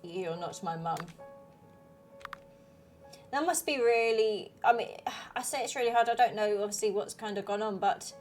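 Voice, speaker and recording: A woman's voice: fairly high pitch, steady tone, a little fast, few pauses, a little mellow, soft background music. A woman hosting a gaming channel, talking through a story game in a thoughtful, speculative way. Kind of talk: game commentary.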